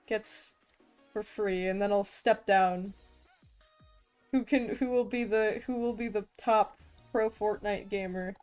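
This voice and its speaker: Woman streamer, casual chat, playful and self-mocking, unhurried delivery, soft music underneath. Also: a little high. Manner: playful, self-mocking, laughs often, rambling restarts. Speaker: vtuber streamer.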